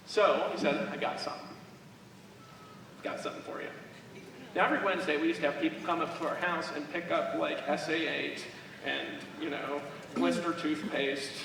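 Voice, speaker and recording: Recorded from a distance in an echoey event hall, an Alaskan motivational speaker rambles through jokey stories from his life to a live crowd. His pitch is fairly high, and there's noise in the background.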